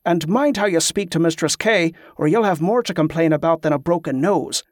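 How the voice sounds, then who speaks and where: A man reading aloud, voicing a loyal, hot-tempered male guard who talks in a gruff, snappish way. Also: on the high side, fairly quick, dry recording, clean studio sound, natural voice. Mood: angry.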